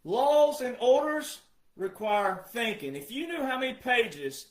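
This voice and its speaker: A man delivering a heated, scolding monologue, firing off repeated rhetorical questions and often raising his voice to a shout. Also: very high voice, very animated, measured pace, roomy sound. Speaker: online commentator. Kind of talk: ranting monologue.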